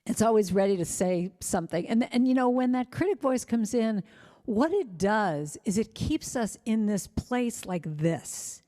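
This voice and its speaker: A woman delivers a spiritual talk to a congregation, telling stories warmly and breaking into playful voices for the people she quotes. Her voice sits in a middle range. A long reverb trails after her words, as if she is in a large hall. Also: medium pitch, measured pace. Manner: animated storytelling, acts out quoted voices. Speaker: guest speaker and singer. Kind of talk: spiritual talk over video call. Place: congregation service streamed to viewers on gallery view.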